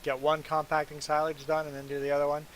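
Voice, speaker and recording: A man's voice: fairly high pitch, completely flat delivery, quick pace, a little hiss or hum, poor audio. A man whose first language is not English, streaming a farming game and chatting casually and rambling to viewers. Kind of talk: casual chat while gaming.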